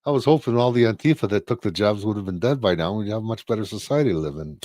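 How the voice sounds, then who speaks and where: A man's voice: fairly low pitch, expressive, fast, darkish tone, dry recording, clean studio sound. A man co-hosting a casual live-stream talk show, blunt and profane, firing off rhetorical questions. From Canada.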